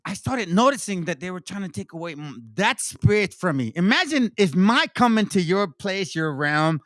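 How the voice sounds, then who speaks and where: Male host, high and very lively voice, acts out the people he quotes, dry close sound. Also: normal speed, no room sound. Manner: animated storyteller, acts out quotes, profane. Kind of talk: casual discussion.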